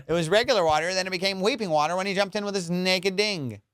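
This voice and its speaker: A man hosting a comedy podcast, talking in a slightly high, smooth and resonant voice. He riffs in a loose, profane way and slips into silly put-on voices. The sound is close and dry. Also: fast, fairly bright tone, dry recording. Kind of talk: casual comedy podcast banter.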